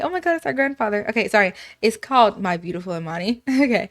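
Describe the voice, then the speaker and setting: A woman giving casual let's play commentary, retelling scenes with lively acted quotes. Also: mid-range voice, fast, few pauses, no echo. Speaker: gameplay narrator.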